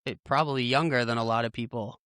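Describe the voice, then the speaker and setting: A man's voice: medium pitch, fairly even intonation, fast talker, fairly bright tone, no room sound, studio quality. A man hosting a podcast, chatting in a thoughtful, hesitant way with frequent restarts. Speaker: podcast host. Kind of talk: casual interview chat.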